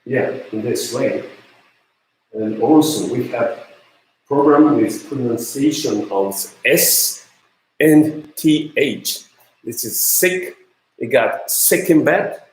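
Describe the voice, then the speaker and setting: A Japanese man with a Japanese accent, a non-native English speaker giving an online university lecture in a halting manner as he searches for words. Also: mid-range voice, a little mellow. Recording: roomy echo.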